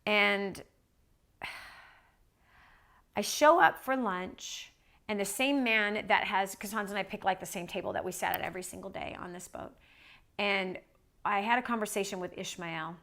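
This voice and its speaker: A woman's voice: mid-range voice, a little slow, gravelly, pauses often, fairly bright tone. A woman preaching in a conversational storytelling way, repeating phrases for emphasis and dropping in tag questions like "right?". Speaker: Christian speaker. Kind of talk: storytelling sermon.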